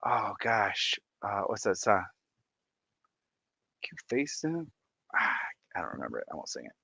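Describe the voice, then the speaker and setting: Excitable man reading stream chat. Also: lowish voice, measured pace, vocal fry, breathy edge, no room sound. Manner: excitable, reacts aloud to viewer comments. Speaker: livestream host. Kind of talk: casual livestream chat reading comments.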